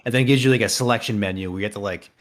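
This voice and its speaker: Young male co-host, low voice, relaxed rambling chat with casual swearing. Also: rapid-fire. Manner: laid-back, swears casually. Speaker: podcast co-host.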